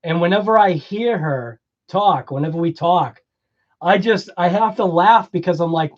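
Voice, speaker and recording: A man's voice: high-pitched, moderate pace. Chatty Boston man, dull lo-fi sound. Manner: chatty, laughs often, rambling explanations. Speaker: livestream host. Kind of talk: casual livestream chat.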